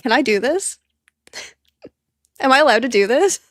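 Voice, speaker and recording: A woman's voice: high-pitched, a little slow, no echo, studio quality. Giddy woman streaming a watch party. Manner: excitable, gushing, laughs often. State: teary and sniffly. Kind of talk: casual live-stream chat.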